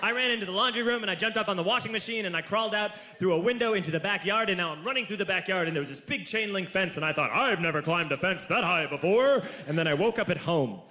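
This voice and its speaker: Male stand-up comedian, thirties, lively storytelling, shouted punchlines, roomy live sound. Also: high-pitched, racing, few pauses.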